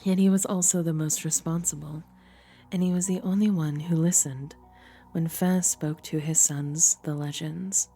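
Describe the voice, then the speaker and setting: A young woman with a low, warm voice reads fantasy lore aloud like a storyteller. Her delivery is theatrical and deliberate, leaning into the odd names. Faint game music sits underneath. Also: fairly even intonation, breathy edge. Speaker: streamer and voice actor.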